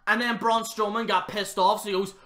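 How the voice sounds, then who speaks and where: Hosting his channel, this man mocks a wrestling show in a loose, profanity-filled review rant that rambles along. His high, pushed, bright voice has a flat delivery and a fairly quick pace.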